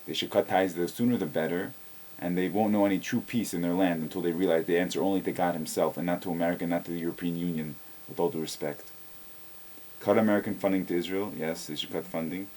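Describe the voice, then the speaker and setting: A man's voice: sits low, steady tone, fast, a little mellow, a little hiss or hum. A man giving a blunt, opinionated video reply to a viewer, often repeating words as he starts a sentence. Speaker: video blogger answering a viewer. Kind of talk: casual spoken video reply.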